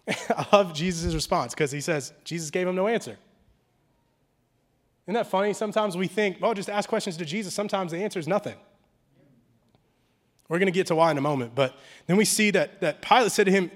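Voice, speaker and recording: A man, a pastor, preaching a sermon in a casual, conversational way with slang, swinging from quiet and intimate to loud and animated. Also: sits high, brisk, pauses often.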